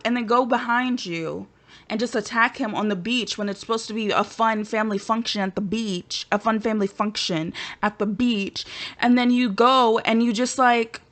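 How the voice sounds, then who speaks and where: Opinionated woman vlogger with a higher voice, talking sassily to camera. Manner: animated, sassy, talks straight to viewers. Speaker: vlogger reviewing a reality show. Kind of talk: casual opinionated chat to camera.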